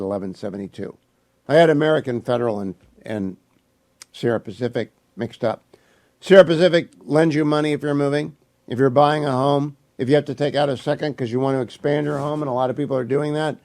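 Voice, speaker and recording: An older man hosting a talk radio show, reading sponsor ads live in the studio in a brisk, emphatic way while losing his voice. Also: fairly high pitch, a little mellow. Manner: brisk, emphatic, repeats phone numbers.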